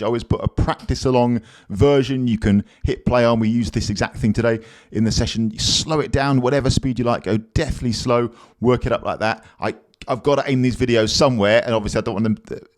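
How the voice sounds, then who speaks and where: Plain-spoken male drum teacher. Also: medium pitch. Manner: plain-spoken, encouraging, blunt asides. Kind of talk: drum lesson, counting aloud over playing.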